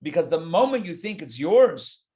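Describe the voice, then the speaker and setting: A man, a rabbi, teaching a live Torah class in an animated, conversational way, talking straight to his listeners. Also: on the high side, normal speed.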